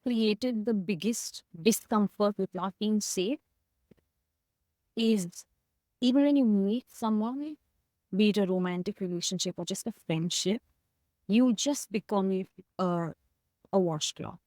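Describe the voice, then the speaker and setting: A woman with a mid-range, dark-toned voice talks unhurriedly about her past as a guest in a personal conversation. She is candid, heartfelt, and reflective, tearing up at moments, and there's no room sound.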